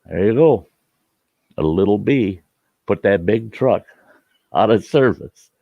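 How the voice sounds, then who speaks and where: A man's voice: fairly low pitch, animated, slow pace, vocal fry, dry recording, narrow, tinny audio. A man telling a folksy story in a rambling, casual way, hosting his own show and often restarting his sentences. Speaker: storyteller host.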